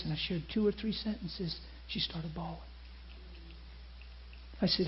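A male preacher telling a story in his sermon, with a fairly high voice that often drops to soft, hushed tones. The sound is dull and lo-fi. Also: normal speed, long pauses. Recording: dull lo-fi recording.

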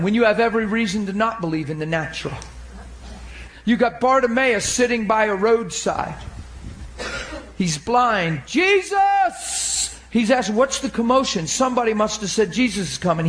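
A male preacher delivering an emotional sermon, animated and at times laughing through tears. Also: high voice.

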